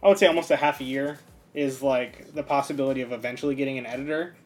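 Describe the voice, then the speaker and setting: A man's voice: mid-range voice, steady tone, quick pace, a little mellow, soft background music. Easygoing, rambling man co-host. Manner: easygoing, rambling, slangy, says "you know what I mean". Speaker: podcast co-host. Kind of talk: casual chat.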